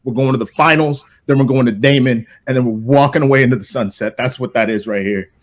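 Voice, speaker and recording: A man's voice: medium pitch, quick pace. A man speaking casually, emotional and passionate, who stumbles over his words and uses slang.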